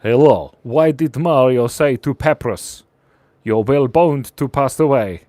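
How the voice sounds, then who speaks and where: A man voicing a mock Russian joke-teller with a put-on Russian accent and a loud, stiff, slowed delivery. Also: mid-range voice, lightly acted. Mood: deadpan.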